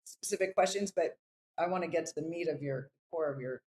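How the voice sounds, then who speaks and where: A woman's voice: low-pitched, brisk, a little mellow. Chatty woman host asking rambling questions. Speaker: podcast host. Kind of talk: podcast interview.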